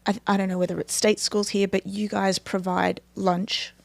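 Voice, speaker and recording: A woman's voice: mid-range voice, little pitch movement, moderate pace, gravelly. A woman, a guest talking emphatically and animatedly in a casual podcast conversation. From Australia.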